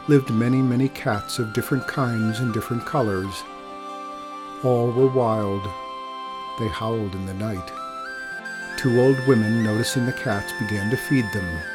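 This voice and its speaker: A man reading a children's storybook aloud with expressive, emphatic delivery. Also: medium pitch.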